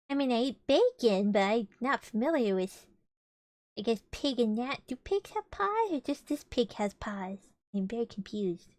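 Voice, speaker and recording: A woman's voice: a little high, lively intonation, normal speed, a little mellow, no echo. A young woman streamer reading a storybook aloud with casual, chatty and giggly asides between passages.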